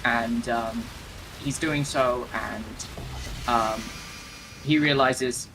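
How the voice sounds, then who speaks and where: A man's voice: mid-range voice, fairly even intonation, extremely slow, pauses often, background noise. A man casually retelling game lore while playing, rambling with lots of fillers and restarts.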